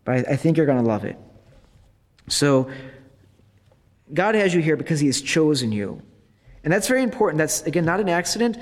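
A priest giving a retreat talk in a relaxed, conversational way, with playful asides to his listeners. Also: high voice. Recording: long hall reverb.

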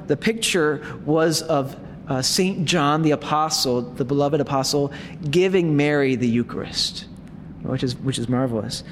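A man's voice: sits high, slight background noise. Man preaching in a reverberant hall. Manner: warm conversational preaching with playful asides. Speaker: priest. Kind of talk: retreat talk.

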